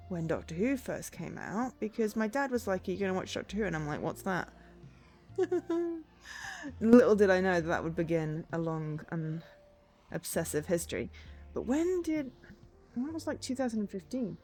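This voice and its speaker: A woman's voice: mid-range voice, animated, moderate pace, warm tone, faint music behind. A woman in her thirties, a streamer chatting casually and rambling between tangents while she plays. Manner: rambling, chatty, self-deprecating. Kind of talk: casual chat while livestreaming a game.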